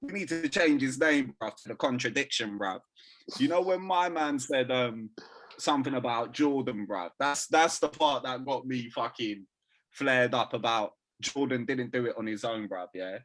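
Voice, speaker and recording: A man's voice: mid-range voice, moderate pace, a bit bright. A man co-hosting a sports podcast, chatting casually and laughing often. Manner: slangy, says "bruv" constantly, laughs often. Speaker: podcast co-host. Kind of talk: casual chat.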